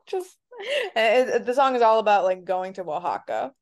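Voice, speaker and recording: A woman co-hosting a podcast in casual chat, halting with fillers and restarts. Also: a little high, lively intonation. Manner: hesitant, many fillers and restarts. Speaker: podcast co-host.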